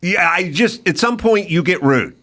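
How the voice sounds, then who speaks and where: A man's voice: high-pitched, lively intonation, normal speed, pushed and bright. A middle-aged man hosting a podcast, telling rambling comic stories and acting out phone voices. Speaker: podcast host. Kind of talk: casual comedic chat.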